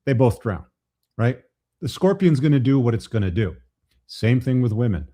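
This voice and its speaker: Male show host, blunt and profane, mellow dark voice, mid pitch. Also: big pitch swings, moderate pace. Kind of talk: live show commentary.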